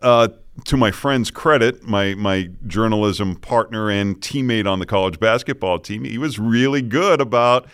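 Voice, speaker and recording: A middle-aged man with a General American accent, a news anchor telling relaxed, self-deprecating stories in a casual interview. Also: on the low side, normal speed, clear, resonant tone, dry recording, clean studio sound. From Boston area, US. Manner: relaxed storyteller, self-deprecating, chuckles often. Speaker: morning news anchor, podcast guest. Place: podcast studio.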